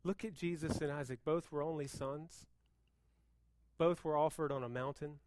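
A man preaching a sermon as pastor, moving between hushed, intense passages and loud, fervent appeals. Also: a little high, fairly even intonation, normal speed, no echo, studio quality.

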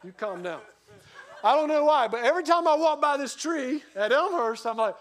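High-voiced man preaching a sermon. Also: moderate pace. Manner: lively storytelling, voice rising and dropping sharply. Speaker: pastor.

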